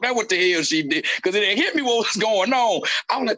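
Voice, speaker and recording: A male stand-up comedian in casual chat, telling animated stories and acting out what people said. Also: high voice, fast, hardly any pauses. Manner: animated storyteller acting out quotes.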